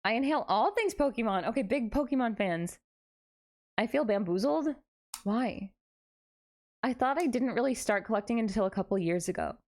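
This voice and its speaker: A young woman streams late into the night, worn out but giddy. Her voice sits a touch high, and she reads her viewers' messages aloud and answers them with playful, self-mocking banter. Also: lively intonation, normal speed, a little mellow. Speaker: VTuber streamer. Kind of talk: casual live-stream chat with viewers.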